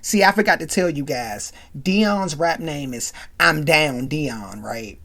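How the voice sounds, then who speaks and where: Animated rambling woman recapping a show. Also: sits low, slow pace, gravelly. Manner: rambling, animated, full of asides. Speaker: podcast host. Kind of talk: casual episode recap commentary.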